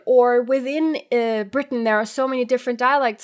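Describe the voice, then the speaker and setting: A woman's voice: a little high, steady tone, smooth. A woman whose first language is German, hosting a casual educational video and explaining language in a chatty way with asides. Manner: chatty, with asides and quick accent impressions. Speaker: German teacher and video host.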